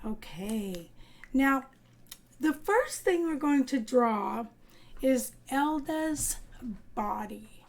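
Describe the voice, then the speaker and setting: A woman teacher reads a picture-book story aloud to small children, then walks them through a drawing. Her voice sits high and bright, and she takes her time with every phrase in a sing-song, storybook way. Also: big pitch swings, extremely slow, long pauses. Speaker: kindergarten art teacher. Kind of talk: storybook reading and drawing lesson for young children.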